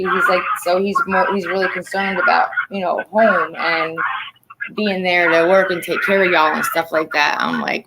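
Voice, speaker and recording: A woman host venting in a blunt, profane, indignant way. Her voice sits a little low. Steady noise runs behind her. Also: normal speed, gravelly. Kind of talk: casual venting.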